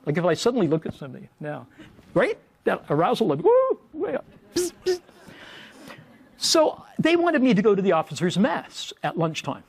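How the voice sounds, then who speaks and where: A man's voice: high voice, big pitch swings, brisk, creaky, breathy edge. A male professor giving a humorous lecture from a podium, telling stories wryly and adding playful sound effects.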